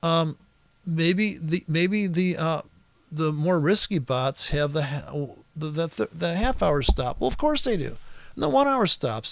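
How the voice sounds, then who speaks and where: A man with a somewhat high, gravelly voice talks through a price chart on a screen recording. He is exasperated and sarcastic, swears freely and rambles through restarts and asides. The sound is dry and close. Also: animated, unhurried, fairly bright tone, dry recording.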